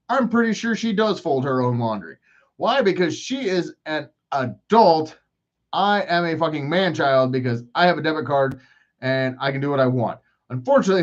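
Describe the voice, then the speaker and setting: Over dull-sounding audio, a fairly high-voiced man in his forties hosts a podcast by himself, drifting through self-mocking rants laced with profanity.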